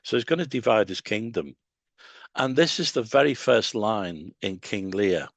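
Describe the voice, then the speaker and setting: Male lecturer with a lowish voice, unhurried and explanatory, dry recording. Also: lively intonation, no room sound. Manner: explanatory, measured, with pauses and fillers. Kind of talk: public lecture.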